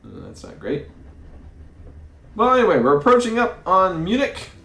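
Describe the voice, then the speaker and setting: A man's voice: high voice, wildly swooping pitch, normal speed, vocal fry, a bit bright, reverberant. A man playing a story game, reading its text aloud and musing over his choices, often stumbling over words. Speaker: let's play host.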